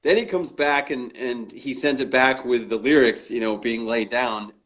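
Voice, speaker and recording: A man's voice: mid-range voice, moderate pace, a bit bright. A man as an interview guest, telling a story in casual chat. He acts out the quoted dialogue and often restarts and fills with "you know" and "uh". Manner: frequent restarts and fillers.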